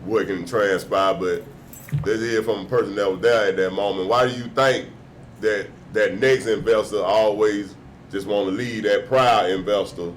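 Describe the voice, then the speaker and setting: A man's voice: lowish voice, fairly even intonation, normal speed, a little hiss or hum. A man hosting a podcast, laid-back, asking his guest questions and agreeing along. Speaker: podcast host. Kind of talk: casual interview chat.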